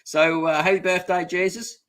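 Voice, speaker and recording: A man's voice: high-pitched, little pitch movement, normal speed, a bit bright. A middle-aged Australian man hosting a casual live stream, chatty and rambling, laughing often. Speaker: gardening channel host.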